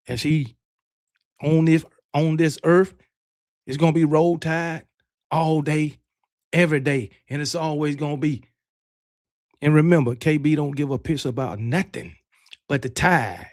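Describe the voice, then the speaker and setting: Brash male livestream host with a high voice, casual and fired-up, curses freely. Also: darkish tone. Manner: loose, fired-up and brash, with mild cursing; talks with candy in his mouth. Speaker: host of a college football livestream. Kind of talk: casual live-stream chat.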